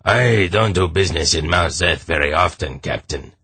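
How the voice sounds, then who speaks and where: A man's voice: low voice, moderate pace, sharp tone, breathy edge, no echo, heavily acted. A man voicing a rangy, easygoing merchant who talks in an offhand, chatty way. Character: rangy, easygoing male merchant, shrewd and talkative.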